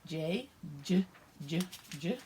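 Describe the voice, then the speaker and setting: Slow, patient older woman teacher. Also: on the low side, expressive, mellow, a little hiss or hum. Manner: slow, patient, sounding out letters. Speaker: preschool teacher. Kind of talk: remote phonics lesson for young children.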